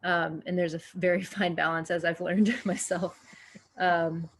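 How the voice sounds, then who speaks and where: Woman, actor guest on a podcast, casual chat, low-pitched voice, lots of fillers and restarts. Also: level tone, measured pace, slight background noise. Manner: chatty, frequent fillers and restarts. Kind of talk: casual interview talk.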